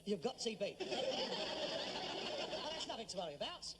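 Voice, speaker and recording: In 1960s sitcom style, an actor plays a frustrated adult son convinced he is gravely ill, sounding exasperated, theatrical and self-dramatising. His voice sits high and is very animated at a normal speed, with a loud crowd making the clip very noisy.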